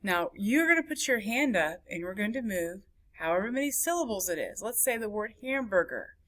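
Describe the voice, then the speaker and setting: A woman's voice: medium pitch, expressive, fairly bright tone. A woman teaching a phonics lesson to a class, sounding out words syllable by syllable. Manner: slow, clapping out words syllable by syllable.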